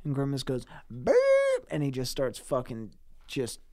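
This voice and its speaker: A man's voice: mid-range voice, fairly even intonation, measured pace, a little mellow. A man with an everyday mid-range voice spins a crude, profane improvised tale for his co-hosts. He swears freely and piles on absurd details with relish. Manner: crude, swearing, builds bits with gusto. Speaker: podcast co-host. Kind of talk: improvised comedy storytelling.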